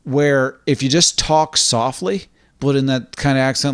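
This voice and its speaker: Male podcast co-host, mid-pitched, easygoing and reflective, dry close sound. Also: steady tone, measured pace, fairly bright tone, smooth, no echo. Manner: thoughtful, acts out lines in character. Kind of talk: casual chat.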